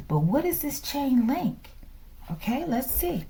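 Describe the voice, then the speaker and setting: A woman reads tarot cards for her viewers in a chatty, animated voice that swoops up and down. She often laughs and slides into soft whispers. Faint noise and clicks sit behind her. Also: fairly high pitch, takes it slowly. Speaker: tarot reader. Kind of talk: channeled tarot reading.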